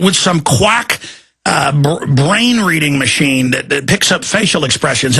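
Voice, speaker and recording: A man hosting a talk show, delivering a heated, sarcastic political rant that often breaks into shouting. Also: fairly high pitch, gravelly, husky.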